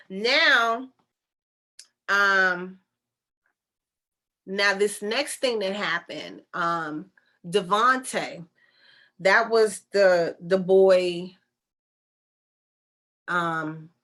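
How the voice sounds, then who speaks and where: A woman who is a channeler and storyteller retells a story in a casual monologue, chatty and incredulous, with rhetorical questions and informal speech. Her voice is on the low side, with a sharp tone.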